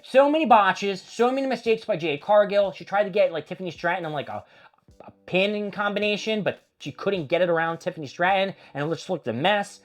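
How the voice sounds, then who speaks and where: A man's voice: high-pitched, fairly quick, soft background music. A man hosting a casual wrestling recap, rambling and opinionated with plenty of swearing. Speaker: host.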